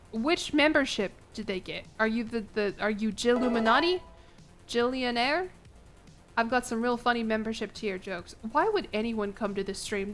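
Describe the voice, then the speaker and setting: In a relaxed gameplay stream, a young woman talks to her audience while working through a strategy game. She sounds somewhat high and bright, with a sarcastic, cursing style.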